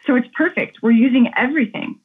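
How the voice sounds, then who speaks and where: A woman's voice: fairly high pitch, fast, husky. A woman guest in an interview, telling stories with enthusiasm and animation. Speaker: guest artist. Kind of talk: casual interview chat. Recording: tinny phone-like call audio.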